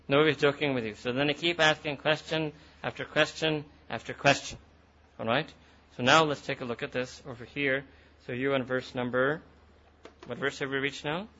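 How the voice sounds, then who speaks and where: A man's voice: medium pitch, moderate pace, sharp tone, dull audio. A man teaching a Quran lesson, retelling a story and repeating phrases for emphasis, with Arabic and Urdu words mixed in. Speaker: Islamic teacher.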